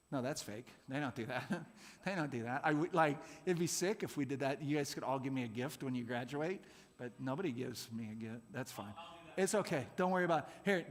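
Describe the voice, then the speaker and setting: A man's voice: a little high, fairly bright tone. A man running a playful real-or-fake quiz with a youth group at a church service, jokey and laughing often. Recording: long hall reverb.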